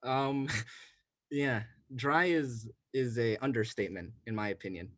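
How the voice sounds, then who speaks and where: Speaking at a measured pace in a medium-pitched, fairly bright voice, a young New York City college student rambles through a story about campus life. He keeps restarting and adding "right?" as he chats casually, with no echo on the recording.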